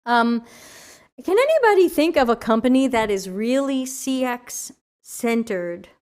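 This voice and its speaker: A woman hosting a casual livestream Q&A, chatty and animated, reading chat questions aloud, her voice tired after an hour of talking. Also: a little high, measured pace. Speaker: livestream AMA host.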